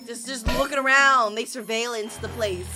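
A young woman hosting a reaction video, excitedly commenting and laughing often. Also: a little high, normal speed. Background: video soundtrack music playing.

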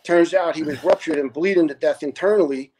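A man's voice: a little high, fairly quick, darkish tone. A man in his fifties, a retired fire lieutenant from Staten Island, telling family stories in an earnest, heartfelt way as a podcast guest. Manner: earnest, heartfelt, acts out other people's words. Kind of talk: casual storytelling.

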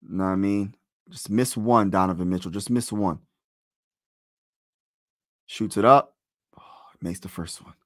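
A young man giving casual fan play-by-play of a basketball game, excitable, pleading and groaning as plays unfold. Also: low-pitched, measured pace, pauses often, no echo, clean studio sound. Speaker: live play-by-play streamer.

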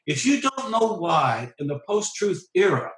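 A man's voice: high-pitched, sing-song, measured pace, fairly bright tone, reverberant, slight background noise, low-quality recording. A man, a professor and journalist, explaining his points in an emphatic, lecturing way during a conversation. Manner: lecturing, emphatic, repeats key phrases. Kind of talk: conversational discussion.

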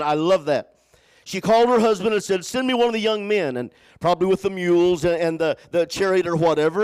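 A man preaching a sermon, telling a Bible story and calling on his congregation to answer, moving between loud exhortation and hushed storytelling. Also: sits high. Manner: preaching with call-and-response to the congregation; repeats words when starting phrases. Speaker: pastor.

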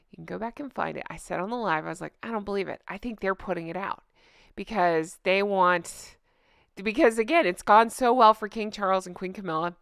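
A woman's voice: medium pitch, a bit bright, smooth, no room sound, clean studio sound. A woman hosting her own commentary vlog, chatty and bubbly, laughing often as she talks to her viewers. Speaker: vlog host.

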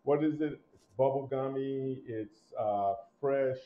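A man hosting a casual fragrance review, talking emphatically and swinging between loud punchy lines and low asides. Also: slow pace, phone-quality sound. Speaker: host.

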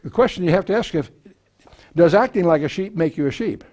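A man's voice: sits high, expressive, fairly quick, darkish tone. A man teaching a Bible passage verse by verse to a live audience, in a conversational way with folksy asides, frequent fillers and restarts. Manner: folksy asides and self-deprecating humor.

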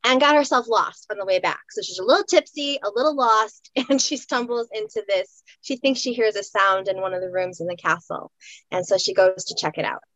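A woman author reading her novel aloud in a lively, amused storytelling manner on a close mic. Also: mid-range voice, fairly quick, no room sound, dull audio. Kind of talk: audiobook-style narration.

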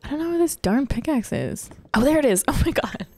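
A woman hosting a casual let's-play, chatting excitedly and squealing little cheers as she plays. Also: sits high, a little fast. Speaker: gaming channel host.

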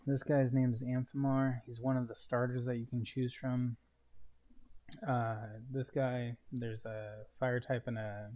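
Gaming host, male, mid-pitched, warm mellow tone, loose rambling let's-play commentary full of "um"s. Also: creaky. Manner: relaxed, rambling, many fillers.

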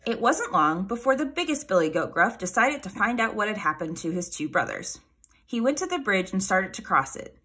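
A woman reading a children's fairy tale aloud in an expressive, animated way. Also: mid-range voice, fairly quick, slightly rough. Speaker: storyteller.

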